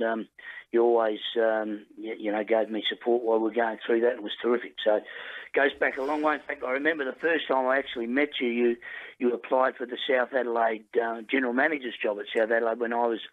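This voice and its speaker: A man's voice: mid-range voice, fast. A man chatting on the phone with a radio host. He talks easily, with plenty of ums and uhs, and his middling voice comes through a dull, muffled line. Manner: relaxed, with many fillers. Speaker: caller, former coach. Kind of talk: phone-in chat. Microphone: telephone.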